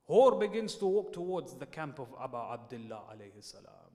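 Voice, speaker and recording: A man preaching a sermon in a mosque, telling a story with sharp rises and drops. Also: mid-range voice, very animated, brisk. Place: mosque hall. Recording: long reverb in a mosque hall.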